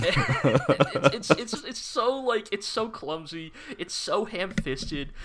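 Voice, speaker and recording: A man co-hosting a podcast, talking in a casual, impassioned way with quick restarts. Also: a little high, sing-song, a loud crowd. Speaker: podcast co-host. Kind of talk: casual chat reviewing anime.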